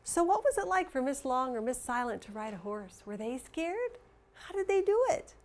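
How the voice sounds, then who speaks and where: A woman teacher leading a lesson for young children, reading aloud and explaining punctuation. She speaks slowly and clearly, with an expressive, slightly high voice.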